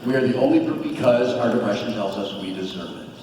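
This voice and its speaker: A man in his forties, a guest on a convention panel, talks earnestly and openly about living with depression, animated and candid. His voice sits lowish and he talks fast, with a little hiss or hum. The sound is echoey, picked up from far off in a large convention hall.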